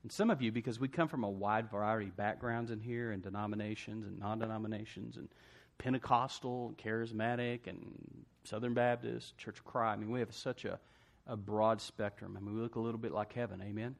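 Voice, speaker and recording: A man preaching a sermon to a church congregation, asking "amen?" and swinging from hushed asides to loud emphasis. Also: fairly low pitch, steady tone, brisk, creaky. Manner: call-and-response preaching, asks congregation "amen?". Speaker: pastor.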